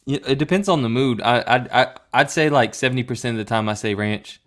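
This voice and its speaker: A man's voice: mid-range voice, brisk, a bit bright. A man co-hosting a fan podcast in casual chat, laid-back and laughing as he tells stories. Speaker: podcast co-host. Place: Tennessee.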